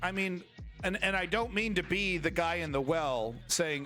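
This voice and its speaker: A man's voice: sits high, normal speed, sharp tone, soft background music. A man hosting an online political commentary show, ranting in a profane, combative and sarcastic way.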